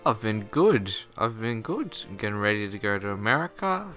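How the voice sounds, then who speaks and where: Man, podcast co-host, low-ish voice, smooth and bright, relaxed casual chat. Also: moderate pace, faint music behind. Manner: laid-back, laughs easily.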